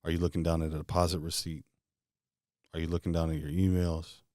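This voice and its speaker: A man with a very deep voice leads a guided visualization, asking one casual question after another. His voice sounds close and dry, with no room around it. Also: little pitch movement, darkish tone, dry recording. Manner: string of rapid questions, casual phrasing. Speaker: motivational speaker.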